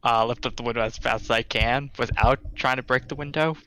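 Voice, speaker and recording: A man takes his turn at a tabletop game, speaking in a bright, forward tone. He lays out each of his character's actions plainly and matter-of-factly. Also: medium pitch, fairly even intonation, brisk, clean tone. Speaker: player. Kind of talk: casual tabletop play.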